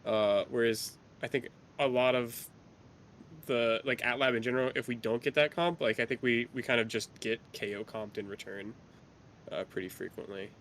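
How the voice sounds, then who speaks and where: A man's voice: mid-range voice, moderate pace, fairly bright tone, slight background noise. Young man rambling with "like"s. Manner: rambling, hesitant, lots of "like". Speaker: team player. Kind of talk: casual team discussion.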